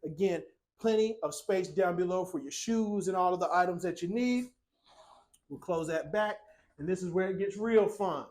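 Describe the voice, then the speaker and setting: The host of a channel, speaking in a high-pitched man's voice, gives an eager walkthrough tour of a small cabin-style home. He addresses viewers as ladies and gentlemen in an upbeat sales pitch, though the audio quality is poor.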